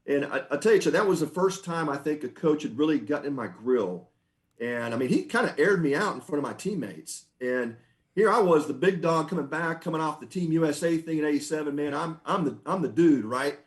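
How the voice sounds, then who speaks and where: A middle-aged man, a former baseball pitcher, telling stories on a podcast in a relaxed, chatty way. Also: fairly quick. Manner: relaxed, anecdotal, frequent restarts and laughs. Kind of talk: conversational storytelling.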